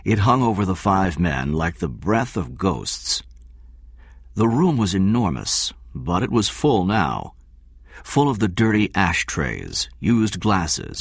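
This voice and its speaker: A male storyteller reads in a measured way, his low voice rather husky. His pitch moves very freely across lines. The sound is dry and close to the mic. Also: big pitch swings, dry recording. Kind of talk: scripted narration of a story.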